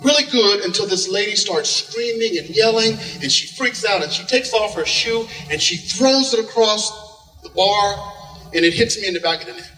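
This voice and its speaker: Bright high-voiced middle-aged man telling a story. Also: moderate pace. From Oklahoma, USA. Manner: animated, acts out quoted lines for laughs. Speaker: storyteller at a live event. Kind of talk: live comic storytelling. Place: large hall with an audience. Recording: echoey hall, far from the mic.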